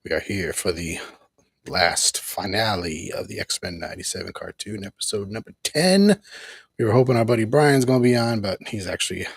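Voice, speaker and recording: A man's voice: lowish voice, lively intonation, normal speed, vocal fry, husky, dry recording. A man hosting a casual live review stream, easygoing, laughing often and acting out characters' lines as he recaps. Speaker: host reviewing a cartoon episode.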